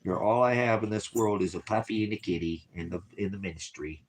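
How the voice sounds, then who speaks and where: This man's voice runs on the low side and moves briskly. He preaches for a small ministry and talks like he's on a loose, off-the-cuff livestream, wandering from point to point, cracking jokes, and stopping to talk to his dog.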